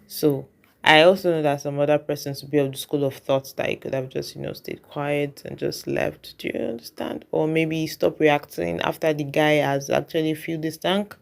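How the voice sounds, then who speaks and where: Vlogger, casual reflective talk, checks in with viewers, medium pitch. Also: moderate pace, creaky. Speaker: reaction vlogger. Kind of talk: casual commentary.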